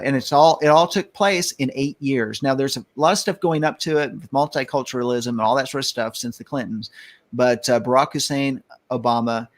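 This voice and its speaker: An older man hosting a casual talk show, rambling in a jokey way and reading out one-liners. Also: medium pitch. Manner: jokey, rambling, telling jokes. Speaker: show host.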